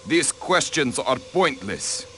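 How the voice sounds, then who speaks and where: An actor voicing a haughty aristocratic diplomat, a count, who answers in a cold, dismissive way, in a video game. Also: male voice, medium pitch, expressive, slow pace, bright, forceful tone, a little hiss or hum.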